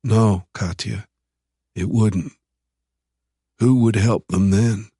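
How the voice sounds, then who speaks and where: A man voicing a slow, measured devout man. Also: on the low side, steady tone, warm tone, breathy edge, no room sound, studio quality, pitched above the performer's own voice, exaggerated voice. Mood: steady. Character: calm, devout man protecting captives.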